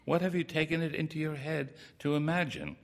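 A man reading aloud who voices a brash, sharp-tongued young wife, giving curt, dismissive retorts in a raised voice. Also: fairly high pitch, brisk, voice pushed up, close to an everyday voice. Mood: scornful.

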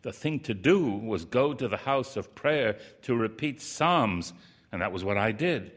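A man's voice: lowish voice, lively intonation, unhurried. A man reading a first-person story aloud in a plain, wry, rueful storytelling manner.

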